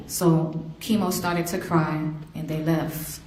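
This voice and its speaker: A middle-aged woman, the mother of a victim, delivers an emotional impact statement in a courtroom, telling vivid stories that slip into acted-out quotes. Her voice is low-pitched, flat, slow, and somewhat dark, and the courtroom is echoey with faint noise.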